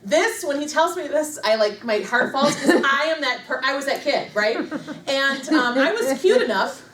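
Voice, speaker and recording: High-voiced woman in an echoey room. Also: animated, normal speed, fairly bright tone. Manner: self-deprecating and humorous, laughing often. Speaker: motivational speaker at a business leadership meeting. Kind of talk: live talk to an audience. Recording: echoey room, mic far off, faint noise.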